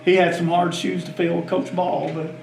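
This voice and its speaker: A man thanks the people around him in a folksy, halting way, full of fillers. His voice sits high. It is heard from a distance in an echoey hall with faint noise behind. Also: level tone, creaky. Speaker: retiring coach. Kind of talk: casual thank-you speech.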